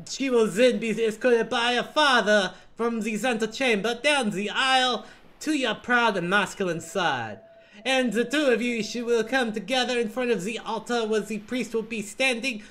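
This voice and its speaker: A man's voice: high-pitched, bright, forceful tone, pitched above the performer's own voice, full character voice. A man voicing a fussy, gushing male wedding planner in a game read-along, with a hammy fake French accent.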